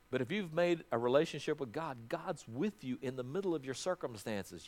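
Man preaching a sermon, higher voice, casual, repeats himself, talks to the congregation. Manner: conversational preaching, often restarting words. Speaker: pastor.

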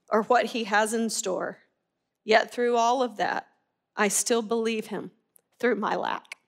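A woman giving animated Bible teaching, laughing at herself as her voice rises with excitement. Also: fairly high pitch.

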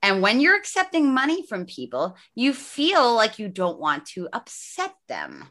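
A woman's voice: a little high, wildly swooping pitch, a little slow, fairly bright tone. A woman hosting a podcast interview, blunt and enthusiastic, swearing freely as she chats. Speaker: podcast host. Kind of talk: casual interview chat.

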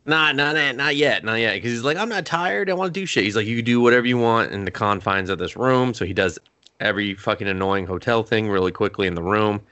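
A man's voice: fairly low pitch, quick pace, sharp tone, clean tone, no echo. A man co-hosting a casual podcast, recapping a movie in a loose, joking ramble. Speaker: podcast co-host. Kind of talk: casual chat.

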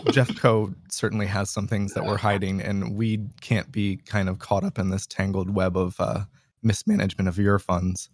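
A man co-hosting a podcast, joking in a dry, deadpan way during casual chat. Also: fairly low pitch, moderate pace, slight background noise.

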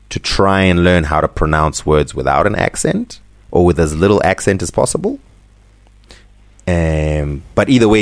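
A man from Zimbabwe co-hosting a podcast, ranting in a casual, animated way and laughing often. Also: low-pitched. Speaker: podcast co-host.

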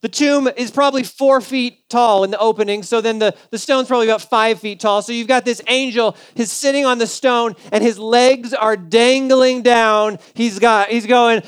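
High-voiced man preaching with easy humor. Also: fairly even intonation, moderate pace, few pauses, clear, resonant tone, dry recording. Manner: conversational, humorous storytelling. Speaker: pastor. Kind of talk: sermon.

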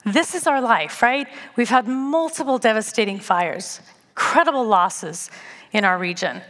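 A woman giving a sermon to a church audience, conversational and self-deprecating, telling stories in an animated way. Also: fairly high pitch, unhurried, long reverb tail. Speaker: speaker at a church gathering.

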